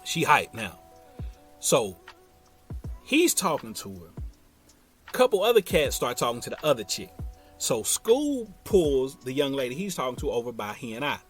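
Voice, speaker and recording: Lively laid-back male storyteller. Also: mid-range voice, normal speed, long pauses, soft background music. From Ohio. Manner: laid-back, slangy, talks straight to listeners. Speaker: podcast host. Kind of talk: casual storytelling.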